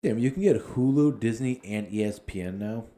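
A man's voice: fairly low pitch, a little fast, dark tone. A young man, co-hosting a podcast in laid-back, profane chat full of short interjections. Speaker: podcast co-host.

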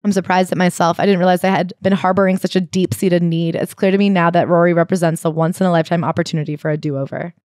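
A woman's voice: fairly low pitch, steady tone, quick pace, hardly any pauses, a little mellow, no room sound, studio quality. Sarcastic woman podcast co-host. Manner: sarcastic, reads passages aloud dryly. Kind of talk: casual comedic book recap.

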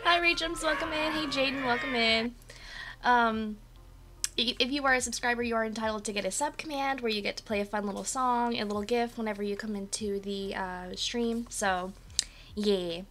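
Her voice is a little high and a bit bright, with fairly even intonation and a moderate pace, and there's a little hiss or hum on the desk-mic audio. Just awake and slightly dry and coughy, she streams from her apartment, chatting bubbly with live viewers and greeting them by name.

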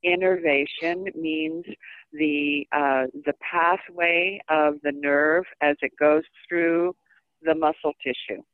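A woman co-teaching a massage-therapy webinar, defining terms slowly and carefully with fillers, heard over a video call. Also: low voice, fairly even intonation, dry recording. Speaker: massage instructor co-hosting a webinar. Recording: tinny phone-like line.

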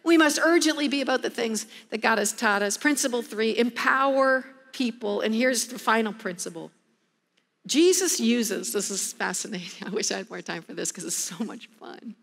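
A woman preaching a sermon in an animated, emphatic way, often breaking into laughter as she goes. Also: fairly high pitch, moderate pace, gravelly. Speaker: guest preacher.

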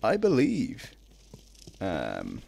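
Lively young Irish man streaming a game. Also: low-pitched, drawn-out words, vocal fry, slightly rough. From Ireland. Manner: casual, reads chat aloud, yelps when startled. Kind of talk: live gameplay stream chat.

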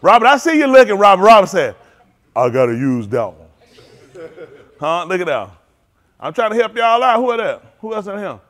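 A man's voice: sits high, very animated, normal speed, pauses often, fairly bright tone. A man preaching as a pastor, talking loosely and teasing his congregation in slang. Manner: playful, teasing, drawling street slang. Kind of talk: loose joking sermon talk to a congregation.

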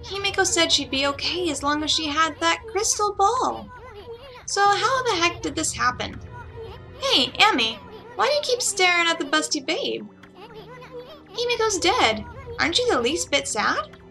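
A woman's voice: very high voice, very animated, normal speed, creaky, bright, forceful tone, pitched above the performer's own voice, heavily acted. A woman voicing a tiny, cocky, flirty male wandering artist in a video game. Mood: brash. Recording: game music behind voice.

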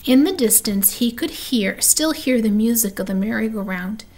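A woman reading a children's book aloud at a steady pace, with small restarts. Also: fairly high pitch, normal speed, slight background noise. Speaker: reader.

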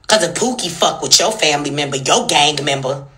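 Woman, young adult, angry rant, profane, rhetorical questions, lively pitch. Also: a little fast. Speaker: social media commentator. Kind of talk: heated commentary rant.

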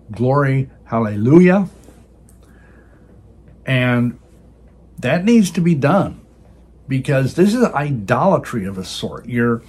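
An older man speaks in a husky, slightly breathy voice, preaching with strong emphasis. He often restarts and repeats words mid-sentence. His pitch sits in a middle range. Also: darkish tone. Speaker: Christian video host. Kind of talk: preaching commentary.

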